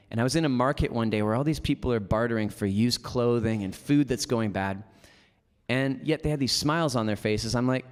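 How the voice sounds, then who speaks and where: A man's voice: mid-range voice, long reverb tail. A man giving a motivational keynote, telling stories casually with lots of "like" fillers. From Canada. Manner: lively storyteller, casual with many "like" fillers. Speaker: motivational speaker. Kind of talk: storytelling keynote talk. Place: large hall before an audience.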